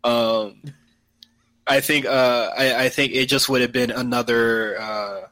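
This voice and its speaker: Bright-voiced man rambling in casual chat. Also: medium pitch, steady tone, slow pace, dry recording, low-quality recording. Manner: rambling, frequent fillers and restarts. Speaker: podcast co-host.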